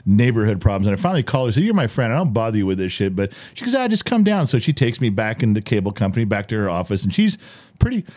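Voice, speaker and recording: A man's voice: fairly low pitch, very animated, very fast, a little mellow. A man in his fifties hosting a podcast, telling stories in casual chat, swearing and laughing often. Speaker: podcast host.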